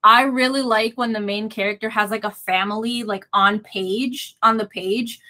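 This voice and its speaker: A woman's voice: fairly high pitch, fairly even intonation, moderate pace, pushed and bright. A woman chatting casually in a book discussion, talking loosely with lots of filler words. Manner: chatty, frequent "like" fillers, laughs often. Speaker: book club member.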